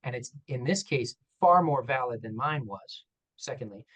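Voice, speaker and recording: An orthopedic surgeon on a panel tells candid, self-deprecating stories, animatedly acting out the dialogue in quotes as he goes. His mid-range voice moves at normal speed, and the recording's highs are cut off.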